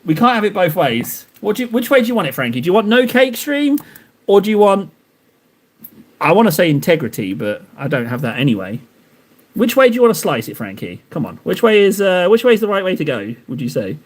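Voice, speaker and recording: A young man rambles to his stream chat while he paints, joking at his own expense. His voice sits a little on the high side, and he talks in loose, looping sentences full of restarts. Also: sing-song, fairly quick. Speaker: live streamer painting miniatures. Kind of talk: casual live-stream chat.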